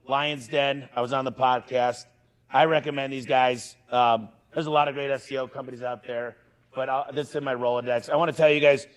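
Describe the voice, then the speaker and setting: A middle-aged man giving an energetic conference keynote from a stage, punchy and emphatic, talking straight to the crowd. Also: mid-range voice, poor audio. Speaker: keynote speaker.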